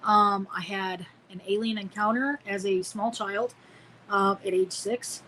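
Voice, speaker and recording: A woman's voice: medium pitch, steady tone, a little slow, pushed and bright, rough recording. A woman in her forties from Illinois tells a personal story on a podcast. She rambles, doubling back with fillers and restarts, in a mid-range voice over a faint background hum. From Illinois, United States. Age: 40s. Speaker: podcast guest.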